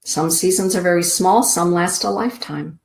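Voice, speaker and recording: Slow, soft-spoken spiritual woman host. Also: fairly low pitch, creaky. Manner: soft, slow, drawn-out inspirational delivery. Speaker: show host and card reader. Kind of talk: spiritual radio show, live card readings.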